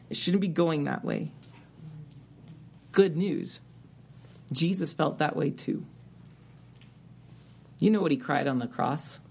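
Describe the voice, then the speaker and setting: A man preaching a sermon as a pastor, reading scripture aloud and rising in emphasis on key words. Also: a little high.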